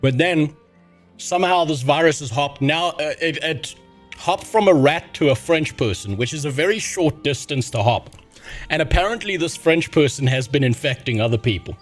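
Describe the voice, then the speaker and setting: A man's voice: on the high side, lively intonation, moderate pace. A man ranting and joking with heavy swearing, as the host of a casual livestream, over faint music. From South Africa. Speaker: streamer.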